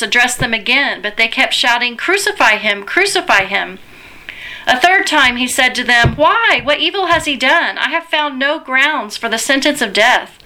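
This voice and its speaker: A woman giving a measured, deliberate liturgical Bible reading as a scripture reader. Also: fairly high pitch, bright, forceful tone.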